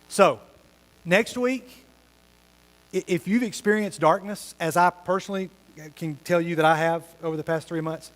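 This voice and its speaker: A man's voice: high voice, normal speed, long pauses, a bit bright. A man preaching a sermon as pastor, telling stories animatedly and acting out the voices of the people he quotes. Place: church hall with tables. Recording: long hall reverb.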